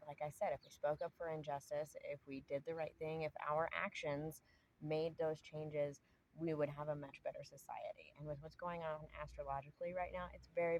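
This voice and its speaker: Low-voiced woman, earnest rambling talk. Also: a little mellow, a little hiss or hum, poor audio. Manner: earnest, rambling, many fillers. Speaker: astrology channel host. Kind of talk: casual spiritual talk to camera.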